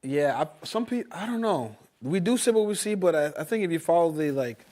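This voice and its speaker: A young man as a guest in a casual interview, relaxed, often trailing off softly with fillers. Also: on the high side, brisk. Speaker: guest, juice shop owner.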